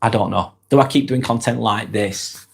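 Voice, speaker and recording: A man with a Lancashire accent, hosting a casual live stream while he has a head cold, talking in a relaxed, earnest way and reading viewers' comments aloud. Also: on the low side, moderate pace, gravelly. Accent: Lancashire English. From Lancashire, England. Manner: relaxed, earnest, rambling with fillers and sighs.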